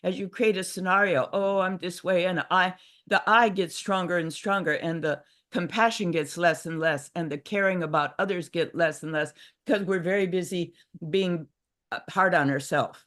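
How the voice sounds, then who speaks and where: An older woman giving a gentle, reflective talk on a livestream video call, with frequent restarts. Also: fairly low pitch, moderate pace. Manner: reflective, gentle, many restarts and acted inner voices. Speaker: workshop speaker. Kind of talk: casual teaching talk. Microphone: video call mic.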